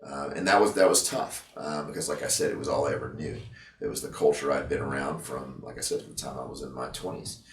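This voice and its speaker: A man being interviewed about his past, talking in a halting, reflective way with many fillers and restarts, emotional at times. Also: very deep voice, level tone, roomy sound, distant mic. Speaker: interview guest, veteran and gym owner. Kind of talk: candid interview conversation.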